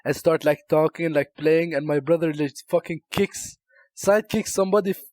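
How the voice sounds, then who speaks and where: A young man from Albania co-hosting a casual podcast, his voice sitting a little high and sounding dry and close. He tells animated stories, swears freely and keeps breaking into laughter. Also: normal speed, no echo. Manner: animated storyteller, swears a lot, laughs often. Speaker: podcast co-host. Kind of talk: casual chat, storytelling.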